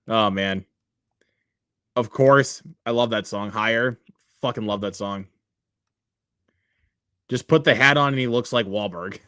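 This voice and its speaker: A man's voice: medium pitch, lively intonation, slow, pauses often, pushed and bright, dry recording, studio quality. A young man hosting a casual online hangout, laughing often and restarting his sentences. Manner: laid-back, laughs often, stumbles and restarts. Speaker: stream host. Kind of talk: casual chat. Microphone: online call.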